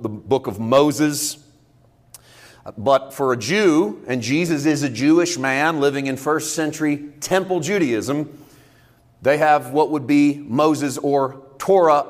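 A male pastor teaching a conversational sermon, explaining scripture in a folksy way with casual sports idioms. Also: on the high side. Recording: long reverb in a large hall.

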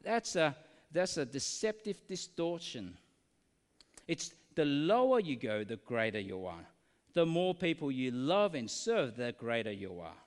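A man preaching a sermon, earnest and full of rhetorical questions, slowing down to stress key words. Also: medium pitch, very animated, big-room sound.

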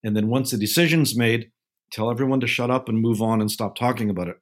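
An older man, a guest film advisor, telling anecdotes in a measured way with frequent filler pauses. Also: medium pitch. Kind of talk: casual storytelling interview.

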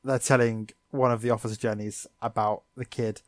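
A man co-hosting a podcast, sarcastically recapping a cartoon episode in animated storytelling. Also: medium pitch, fairly quick, dry recording. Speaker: podcast co-host.

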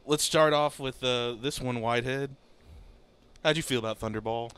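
A man in his thirties hosting a podcast in casual chat, laid-back and quick to laugh. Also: medium pitch, a bit bright, smooth. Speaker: podcast host.

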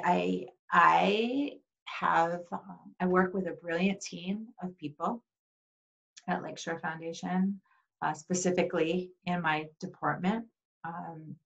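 A middle-aged woman speaking earnestly and warmly as an interview guest, with frequent restarts and fillers. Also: sits low, vocal fry. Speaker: interview guest, Paralympian and advocate. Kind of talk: casual conversational interview.

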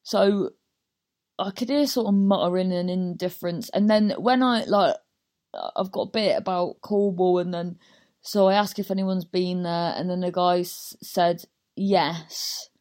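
A woman's voice: lowish voice, unhurried, a little mellow. Rambling, chatty woman. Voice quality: chatty, scattered, self-interrupting, swears often. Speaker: stand-up comedian. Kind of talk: rambling casual monologue.

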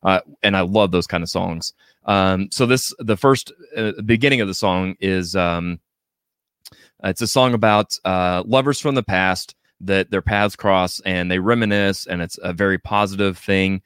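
A low-pitched man hosting a podcast over a video call, talking casually and enthusiastically with lots of ums and restarts. His voice is dry and close, with no room sound. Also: unhurried, a bit bright, smooth, no echo. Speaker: podcast host.

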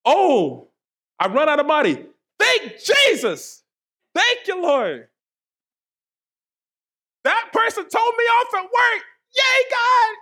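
A man voicing an overly cheerful man who thanks God for every setback, in a high, gleeful squeal. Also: wildly swooping pitch, slow pace, pauses often, bright, forceful tone, full character voice. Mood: giddy. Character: giddy cheerful man shrugging off troubles.

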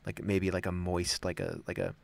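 A man's voice: sits low, big pitch swings, normal speed, gravelly. A man co-hosting a podcast in a casual comedic chat, rambling onto tangents with plenty of fillers. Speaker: podcast co-host.

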